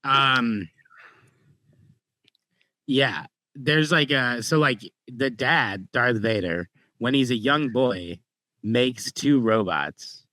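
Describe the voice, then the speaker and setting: A man co-hosting a podcast in casual chat, cracking profane deadpan jokes. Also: medium pitch, drawn-out words, dry recording. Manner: joking, profane, deadpan asides. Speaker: podcast co-host.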